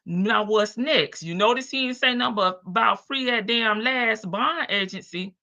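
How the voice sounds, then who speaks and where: A woman's voice: fairly high pitch, normal speed, sharp tone, no room sound, muffled recording. A woman hosting a live stream, giving sassy casual commentary on jail calls and answering chat. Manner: sassy, talks back to chat, laughs often.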